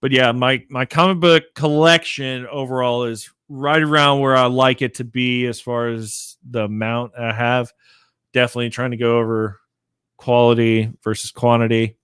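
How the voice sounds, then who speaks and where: A man talking casually to viewers on a live stream, rambling and full of fillers, and sleepy. His voice is smooth and resonant, mid-pitched, and sounds dry and close. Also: a bit bright, dry recording. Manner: rambling, filler-heavy, laid-back. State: sleepy, yawning. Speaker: comic book vlogger.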